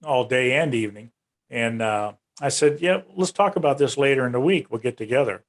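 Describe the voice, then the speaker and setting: A man guest on a podcast interview, telling a long personal story in a casual way and lifting his voice to act out what others said. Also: brisk. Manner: retells events in long runs, raising his pitch to act out quoted speech. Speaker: UFO research organization director, guest.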